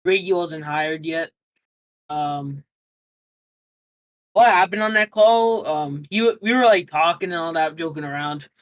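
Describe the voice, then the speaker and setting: A man's voice: fairly high pitch, measured pace, pauses often, fairly bright tone, low-quality recording. A young man answering interview questions casually, rambling through a story with lots of fillers and restarts.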